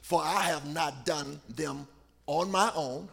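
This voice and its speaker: A man a sermon, shouting and half-singing his lines and calling on the congregation. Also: a little high, slow, vocal fry, breathy edge. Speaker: preacher.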